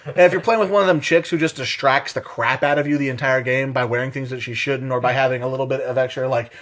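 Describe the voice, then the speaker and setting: A man's voice: medium pitch, quick pace. A young man co-hosting a podcast, chatting casually, telling stories in a profane, joking way. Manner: profane, joking, animated storytelling. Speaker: podcast co-host. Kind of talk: casual chat.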